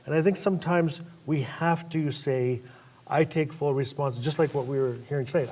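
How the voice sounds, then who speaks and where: A man telling stories on a panel at a lecture event, lively and acting out voices of the people in his stories. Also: a little high, moderate pace. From Northwest Territories, Canada. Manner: animated storyteller who acts out voices. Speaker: panel guest author. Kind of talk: storytelling on a panel.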